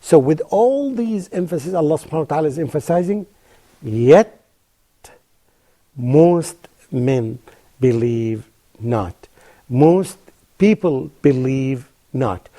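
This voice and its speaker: A man presenting a religious lesson on television, emphatic and repetitive for stress, slowing down to pronounce Arabic terms carefully. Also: medium pitch, lively intonation, warm tone. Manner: emphatic, repeats phrases for stress. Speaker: TV presenter teaching Quran reflections. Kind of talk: religious lecture.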